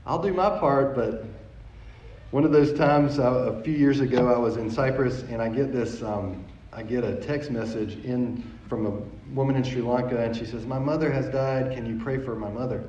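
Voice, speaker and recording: A man's voice: medium pitch, steady tone, moderate pace, warm tone, a little hiss or hum. A man preaching a sermon as pastor, telling a story in a conversational way and often repeating words as he goes. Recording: echoey, dull sound from a distant mic.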